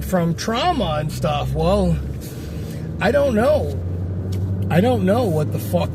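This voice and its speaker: Man with a high voice, exasperated casual vlog rant, heavy swearing, vehicle noise behind. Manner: frustrated, swearing, rambling with restarts.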